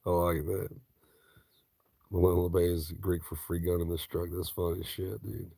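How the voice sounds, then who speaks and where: A man with a low, gravelly voice chats casually with his livestream viewers, blunt and swearing freely. He is from Ohio and jokes around as he talks. The sound is dry and close, with no room echo. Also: dark tone. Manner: profane, blunt, joking. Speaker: livestream host.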